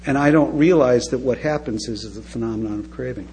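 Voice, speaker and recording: A man's voice: medium pitch, fast, hardly any pauses, darkish tone, a little hiss or hum, low-quality recording. A man speaking at a recovery meeting, telling his story to the audience with wry, comic timing and frequent direct asides to them.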